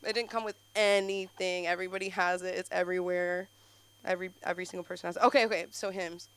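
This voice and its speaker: A young woman at an open-mic comedy night, rambling in scattered bursts full of "like", swinging from mutters to loud shrieks. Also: lowish voice, flat delivery, fast, smooth. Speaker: stand-up comedian. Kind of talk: open-mic stand-up set. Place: comedy club stage.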